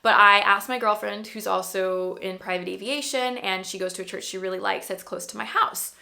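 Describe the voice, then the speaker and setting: A woman in her thirties speaks to her own camera with a clear, bright tone. She tells her story in a heartfelt, earnest way, circling back and restarting her sentences. Her pitch sits in an ordinary middle range. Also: steady tone, moderate pace. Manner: earnest and emotional, rambling with restarts. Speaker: vlogger sharing a faith testimony. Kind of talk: casual spoken testimony. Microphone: self-filmed camera.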